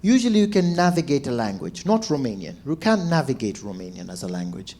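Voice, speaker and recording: A man, a stand-up comedian telling stories in an animated way. His pitch swings widely as he acts out shouts and quoted lines, all in a mid-range voice. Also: fairly quick. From Zambia. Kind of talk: stand-up storytelling.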